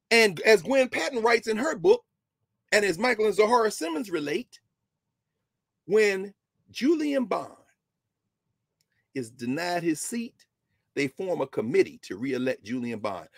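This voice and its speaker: Husky, lively man lecturing on history. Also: high-pitched, fairly quick, dry recording. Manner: animated, emphatic storytelling with casual asides. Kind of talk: history lecture on a talk show.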